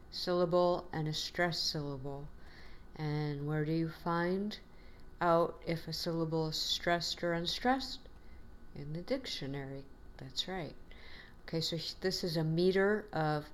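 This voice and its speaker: Woman, teacher, classroom lecture, low pitch, encouraging, measured. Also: a little hiss or hum. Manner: patient, encouraging, with fillers.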